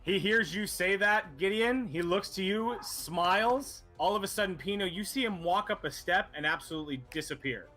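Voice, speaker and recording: Male game master, casual narration, bright and slightly high voice, swears freely. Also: moderate pace, few pauses, faint music behind.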